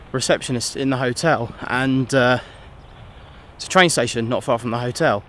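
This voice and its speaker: A man's voice: mid-range voice, a bit bright, a little hiss or hum. A man chatting casually in a vlog, in a self-deprecating way, from a car and by the roadside. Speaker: vlogger. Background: music.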